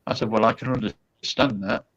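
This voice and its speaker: A man's voice: on the low side, fairly even intonation, normal speed, a bit bright, muffled recording. A man, a guest comedian, telling a rambling backstage anecdote full of quoted asides and fillers.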